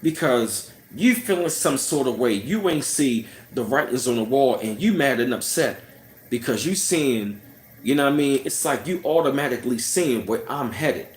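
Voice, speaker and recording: A man vents about a past run-in in a loose, fired-up storytelling rant, scornful and quick to lean on "you know what I mean". His voice sits at an ordinary middle pitch. It bounces around a roomy, echoey space. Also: lively intonation. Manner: heated, scornful, peppered with "you know what I'm saying". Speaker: channel host. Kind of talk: casual ranting storytelling. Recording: roomy echo.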